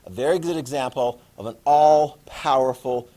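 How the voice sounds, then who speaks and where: A man in his fifties giving a classroom history lecture, lively and joking, acting out quotes. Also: mid-range voice, normal speed. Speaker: history teacher.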